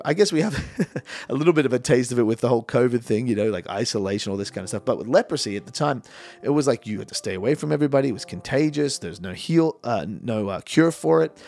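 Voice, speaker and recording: Conversational male pastor preaching a sermon. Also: medium pitch. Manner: casual, conversational preaching with frequent restarts and "amen".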